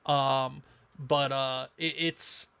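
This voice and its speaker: A man co-hosting a casual livestream podcast, animated and repeating phrases for emphasis. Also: mid-range voice, drawn-out words, vocal fry, clear, resonant tone. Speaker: podcast co-host.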